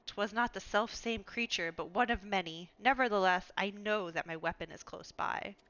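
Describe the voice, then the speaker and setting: A woman reading a grandiose gentleman adventurer. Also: sits high, moderate pace, lo-fi sound. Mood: yearning. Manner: old-fashioned, theatrical phrasing.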